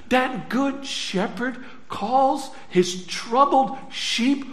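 Man, pastor, sermon, rhetorical questions, slow delivery, roomy echo. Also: very high voice. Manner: preaching with rhetorical questions, swinging loud and soft.

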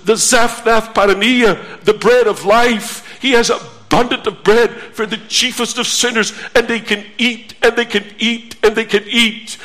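A man preaching a sermon in a slow, earnest manner, full of rhetorical questions and quoted scripture. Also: very high-pitched, a bit bright.

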